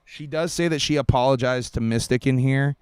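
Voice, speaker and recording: A man hosting a podcast, calmly commenting on video clips and thinking aloud with some fillers. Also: mid-range voice, a little fast, clear, resonant tone, no room sound, studio quality. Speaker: podcast host.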